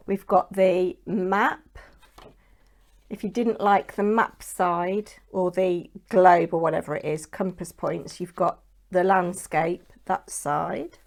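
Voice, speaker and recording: A woman's voice: on the low side, steady tone, slow pace, vocal fry. A woman hosting a papercraft channel, talking through her work in a rambling, chatty way and adding lots of tag questions. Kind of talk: chatty crafting vlog.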